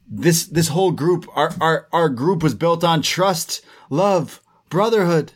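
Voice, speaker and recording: A man doing a quick impression of a hurt male wrestler pleading with a friend who betrayed him, his voice rising and cracking with emotion. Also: fairly high pitch, voice pushed up.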